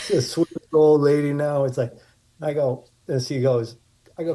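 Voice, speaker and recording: Man with a very dark voice, rambling stories. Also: medium pitch, brisk. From Martha's Vineyard, USA. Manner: rambling anecdotes with many restarts. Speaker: podcast guest, actor. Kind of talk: casual storytelling.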